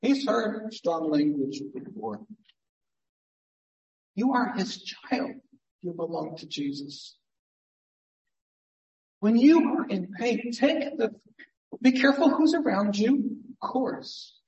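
A man's voice: high-pitched, very animated, slow, pauses often, darkish tone, muffled recording, a little hiss or hum. A man, a pastor, preaching an earnest, conversational sermon full of rhetorical questions in a church sanctuary. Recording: echoey church hall from far off.

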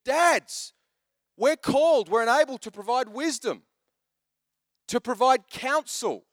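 A male pastor in his thirties preaching a sermon, animated and joking as he tells family stories and urges the men on. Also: very high-pitched, takes it slowly, no room sound, clean studio sound. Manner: animated, joking storyteller who shifts into exhortation.

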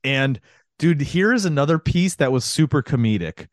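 A man recapping a film with a friend in a loose, swearing chat, his voice swinging widely in pitch as he acts out the scenes. The sound is dry and close, with no room echo. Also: moderate pace. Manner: animated storyteller, acts out scenes with noises and quoted voices. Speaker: podcast co-host. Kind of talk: casual movie-recap chat.

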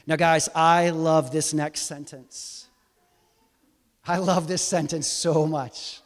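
Brief: male preacher, slightly high voice, casual and animated, heavy hall reverb. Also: slow pace. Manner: conversational, animated storytelling. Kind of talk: sermon.

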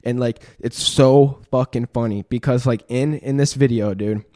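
A man in his twenties, a guest on a podcast, tells a story to the host in a medium-pitched, dark, steady voice at normal speed. The loose, rambling chat is profane and crammed with filler words.

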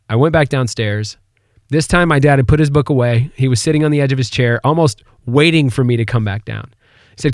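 A man's voice: medium pitch, smooth, dry recording, clean studio sound. A man hosting a podcast, telling a personal devotional story in an earnest, conversational way. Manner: earnest, conversational, animated when retelling. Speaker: podcast host.

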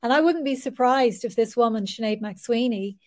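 Woman interviewing, a bit high-voiced. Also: moderate pace, darkish tone. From Ireland. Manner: hesitant, fills with um and you know. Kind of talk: conversational interview.

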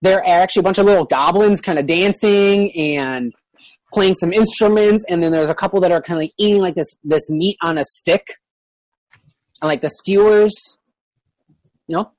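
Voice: mid-range voice, moderate pace, a little mellow, no echo. A game master narrating a tabletop game, hesitant with frequent restarts. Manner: hesitant, many fillers and restarts.

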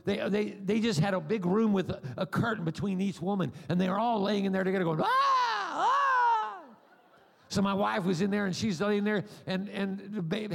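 Animated preacher with gravelly high voice. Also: male voice. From United States. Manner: animated, acts out voices and cries; humorous, rambling asides. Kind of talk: sermon with storytelling. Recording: long hall reverb.

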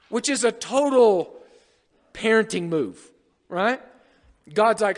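Male pastor, sermon, animated and joking, high voice, long church-hall reverb. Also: normal speed, pauses often.

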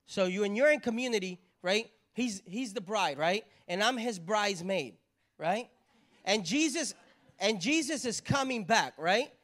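A woman's voice: mid-range voice, expressive, unhurried. A woman preacher giving a sermon in a conversational way, with rhetorical repeated questions and a habit of asking "right?".

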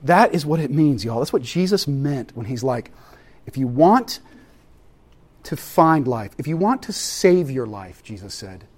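A man, preaching a sermon in a casual, animated way that swings from loud to hushed. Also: mid-range voice, a little slow. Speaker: pastor.

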